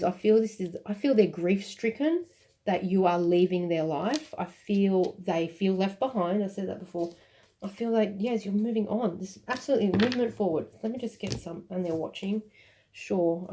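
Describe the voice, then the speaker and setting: Warm-toned woman giving a tarot reading. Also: medium pitch, moderate pace, slight background noise. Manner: intuitive, rambling, with fillers and self-corrections; emphatic and emotional at moments. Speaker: tarot reader. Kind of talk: casual tarot reading to camera.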